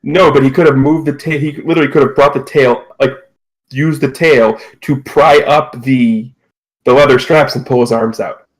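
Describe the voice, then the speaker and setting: A man's voice: medium pitch, fairly even intonation, moderate pace, poor audio. A man as game master, narrating a tabletop game in a loose, casual way.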